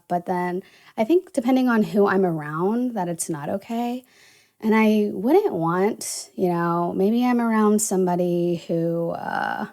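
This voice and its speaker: A woman's voice: medium pitch, dark tone. A young woman from the American South, without a Southern accent, hosting a casual solo podcast and rambling with lots of "you know" and "uh". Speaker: podcast host.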